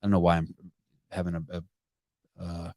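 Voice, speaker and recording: A man's voice: sits low, flat delivery, moderate pace, darkish tone, no room sound. A middle-aged man hosting a podcast, telling a rambling family story with asides and self-corrections. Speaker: podcast host. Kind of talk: casual live call-in chat.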